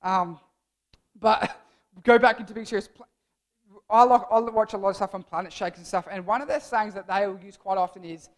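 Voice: medium pitch, brisk. A young adult giving a casual, jokey youth sermon as a church speaker, rambling and playful.

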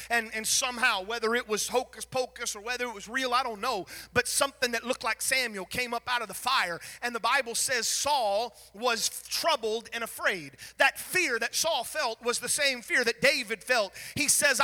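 A man preaching a sermon, swinging from hushed near-whispers to shouted, sung-out lines in a chanting cadence. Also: very high-pitched, normal speed, few pauses, in a large hall.

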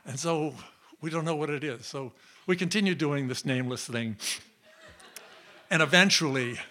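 A man telling a comic personal story on stage before a live audience, in a playful, animated way. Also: mid-range voice.

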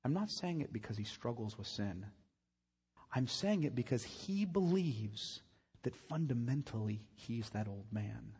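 Husky preacher guy hammering his points with questions, big echoey church. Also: medium pitch, lively intonation, measured pace, darkish tone. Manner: emphatic, repeating phrases and asking the congregation rhetorical questions. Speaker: pastor. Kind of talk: sermon. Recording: long reverb of a large church hall.

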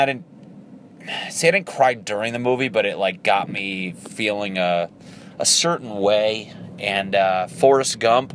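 A man's voice: lowish voice, fairly bright tone, slight background noise. A man around thirty rambling crudely through a casual solo podcast, joking and acting out quotes in silly voices. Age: 30s. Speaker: podcast host.

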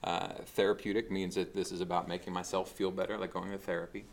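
A man with a very low, gravelly voice delivers a relaxed sermon. He talks conversationally, full of fillers and restarts. It sounds like a pastor teaching, not performing. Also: fast. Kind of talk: casual sermon.

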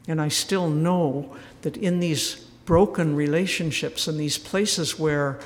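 An older religious sister with a low voice gives a spoken retreat talk in a large church, telling stories with earnest warmth and wry humor. A long reverb tail trails her words.

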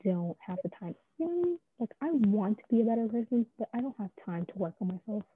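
Husky, animated, and quick, a young woman in her late teens chats casually as the person being interviewed, her voice medium in pitch. She rambles, fills gaps with fillers, and jokes at her own expense; the audio is dry and tinny, like a phone call.

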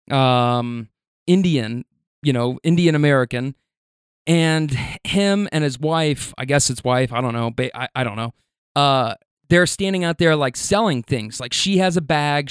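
A man with a slightly high, smooth and resonant voice spins a casual anecdote, rambling through restarts and quick chuckles. The sound is dry and close, with no room around it. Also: dry recording.

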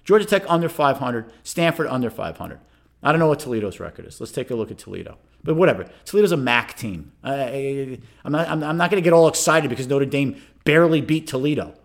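A man's voice: medium pitch, animated, fast talker, gravelly. A middle-aged man hosting solo sports commentary, ranting sarcastically and turning to listeners with "okay?" asides. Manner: ranting, sarcastic, rising to exasperated outbursts; addresses listeners directly, frequent "okay?" asides. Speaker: sports talk host.

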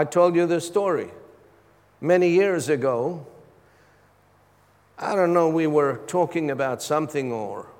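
A man's voice: fairly high pitch, darkish tone. A man preaching a sermon as a pastor, asking his congregation for responses between points. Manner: preaching with call-and-response asides. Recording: long hall reverb.

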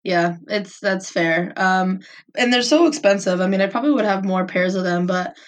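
A woman's voice: mid-range voice, normal speed. Chatty woman on a podcast, laughs a lot, lots of likes and ums. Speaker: podcast co-host. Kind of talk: casual chat.

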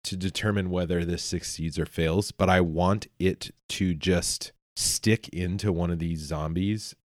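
A man playing a tabletop game, walking through his rolls and rules aloud, animated and laughing often. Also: sits low, measured pace, dry recording, studio quality. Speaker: player.

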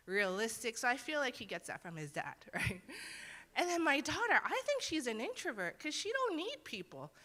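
A woman's voice: on the high side, pushed and bright. A young woman teaching a Bible lesson in a casual, earnest way, acting out the quotes she tells. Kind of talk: conversational sermon. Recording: long hall reverb.

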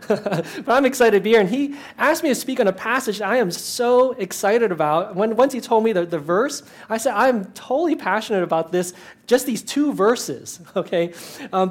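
A man giving a sermon as a guest preacher, casual and joking, with many fillers and restarts. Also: fairly high pitch. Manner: casual, self-deprecating, frequent fillers and restarts.

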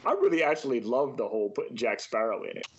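A man's voice: mid-range voice, expressive, quick pace, a little hiss or hum. A man chatting casually with friends, enthusiastic and a bit rambling. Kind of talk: casual chat. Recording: slightly dull lo-fi sound.

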